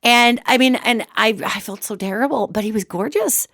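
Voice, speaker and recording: A woman's voice: a little high, moderate pace, no echo, clean studio sound. A woman radio host telling a casual, chatty personal story and talking straight to her listeners. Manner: animated and chatty, addresses listeners as gang.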